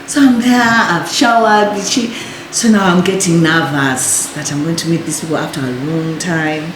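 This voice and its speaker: A woman telling her addiction recovery story as a podcast guest, animated and acting out other people's lines. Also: lowish voice, normal speed. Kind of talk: casual storytelling chat. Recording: echoey room with faint noise.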